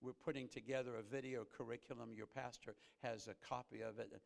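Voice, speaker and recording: A man preaching a sermon as a guest pastor, earnest, rising to emphatic peaks and then dropping low and slow. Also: fairly even intonation, vocal fry. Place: church sanctuary. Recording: reverberant church hall.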